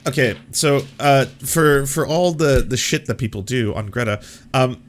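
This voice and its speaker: A man's voice: mid-range voice, normal speed. A man hosting an online commentary show, talking casually in a sarcastic, rambling and profane way as he reacts to clips. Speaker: host.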